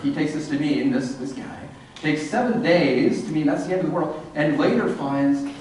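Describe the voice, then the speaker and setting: A man's voice: on the high side, moderate pace, a little hiss or hum. Sarcastic man lecturing in an echoey hall. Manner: sarcastic, animated. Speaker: speaker giving a talk to an audience. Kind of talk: humorous lecture. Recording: echoey hall, distant mic.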